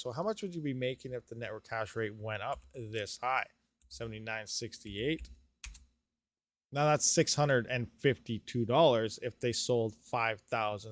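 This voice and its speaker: A man hosting a live stream, thinking aloud through calculations with excitable bursts and laughs. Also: mid-range voice, dry recording. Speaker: crypto mining streamer.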